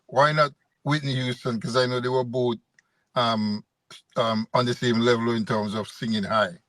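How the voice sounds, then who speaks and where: A man's voice: medium pitch, normal speed, no room sound. A man hosting a casual interview, joking and steering the talk with short prompts. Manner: jokey, playful interrupter, steady with short backchannels. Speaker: interviewer host.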